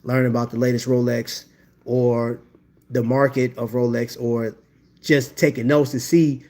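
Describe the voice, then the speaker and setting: A man's voice: mid-range voice, little pitch movement, measured pace, a little mellow. A man hosting a live stream at a collectors' event, chatting casually and calling people "bro" and "man.". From Indiana. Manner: laid-back, chatty, says "bro" and "man" a lot.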